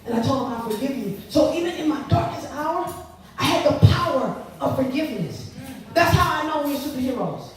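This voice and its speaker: A woman telling her testimony to an audience, expressive and repeating her words as she acts out what people said. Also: sits high, brisk. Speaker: speaker giving testimony. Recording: echoey room from far off with noise.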